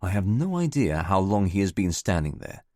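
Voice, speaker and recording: Lively male audiobook narrator. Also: deep voice, normal speed, dry recording, clean studio sound. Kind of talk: first-person scripted narration.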